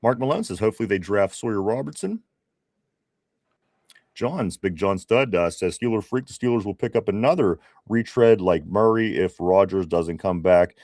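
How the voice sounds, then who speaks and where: A man's voice: fairly low pitch, animated, moderate pace, darkish tone, no room sound, studio quality. A man co-hosting a casual live stream, reading viewer comments aloud with laughs, restarts and teasing.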